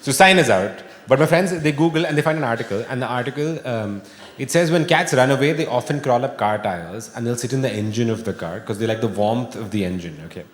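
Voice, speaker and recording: A man in his thirties with an Indian English accent, performing a stand-up comedy set and jumping into high, shouty voices for his friends. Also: fast. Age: 30s. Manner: animated, acts out friends in sudden high-pitched bursts. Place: large venue with live audience. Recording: echoey hall with audience noise.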